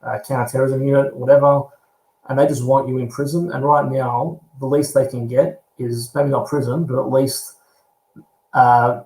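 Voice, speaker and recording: An Australian man chatting over a video call, animated and repeating words as he searches for them. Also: mid-range voice, normal speed, reverberant, low-quality recording. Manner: animated, repeats himself while finding words. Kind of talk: casual chat.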